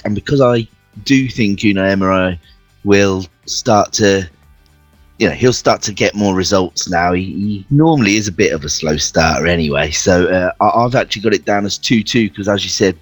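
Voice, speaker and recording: A man giving football predictions on radio, measured and hesitant, with frequent fillers. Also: low-pitched, no echo, soft background music. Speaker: football pundit. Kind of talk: casual radio chat.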